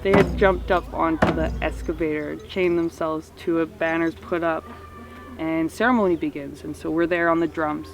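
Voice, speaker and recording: A man, a protester, describing in an interview what happened to him, in a steady storytelling manner with frequent fillers. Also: fairly high pitch, moderate pace, creaky, music in the background. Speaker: protester recounting events. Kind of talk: documentary interview recollection.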